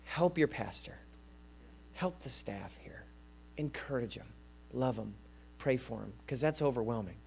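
A man preaching a sermon as a guest preacher, energetic and conversational, often repeating words as he restarts. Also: mid-range voice, a little slow, vocal fry, pauses often, slight background noise.

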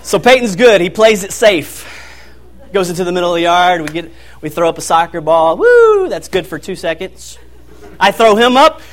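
Young preacher guy with a high voice, super animated, laughing through a story in his sermon, faint room sound. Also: normal speed, a little hiss or hum. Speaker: pastor.

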